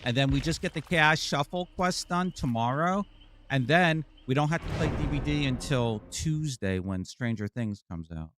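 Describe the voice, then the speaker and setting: A man's voice: medium pitch, expressive, moderate pace, fairly bright tone, slight background noise. A man streaming a game live, rambling and joking to his chat with frequent laughs. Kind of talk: live gameplay commentary.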